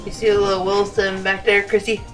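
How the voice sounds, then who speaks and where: A woman chatting casually beside a streamer, relaxed and quick to laugh. She sits a little away from the mic. Faint music runs behind her. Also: mid-range voice, far from the mic. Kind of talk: casual chat.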